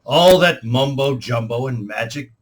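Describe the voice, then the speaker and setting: A contemptuous rat warlord, as a man reading aloud puts him on, muttering scornful thoughts to himself. His voice sits at an ordinary middle pitch. The storybook reading stays close to the reader's own voice. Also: animated, a little slow.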